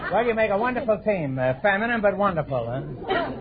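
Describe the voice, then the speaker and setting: A man hosting a 1950s radio quiz show, quick with jokes and wisecracks. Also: high-pitched, sing-song, a crowd in the background. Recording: old radio broadcast, tinny and noisy.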